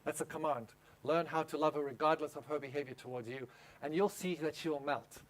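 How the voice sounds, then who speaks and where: A man's voice: on the high side, brisk. A male pastor giving a humorous, conversational sermon at a camp meeting.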